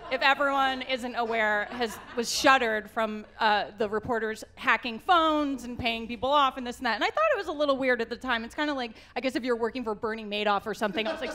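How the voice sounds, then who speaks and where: A woman's voice: fairly high pitch, a bit bright. An American woman telling a long funny story at a live panel, laughing often and acting out the people she quotes. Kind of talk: animated anecdote at a live panel. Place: auditorium stage.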